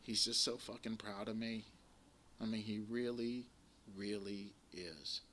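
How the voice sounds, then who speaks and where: At a recovery meeting held in a community center, a man in his forties talks to a live audience about his own recovery, rambling and cursing freely as he tells it bluntly. His lowish, a bit bright voice has a flat delivery at a moderate pace, and a little hiss or hum is audible.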